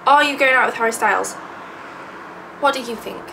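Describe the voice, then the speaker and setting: In a casual Q&A vlog, a twenty-something English YouTuber of about twenty responds to viewers' questions with chatty, self-deprecating sarcasm. Her gravelly voice is a little high and fairly quick, picked up by a distant mic amid background noise.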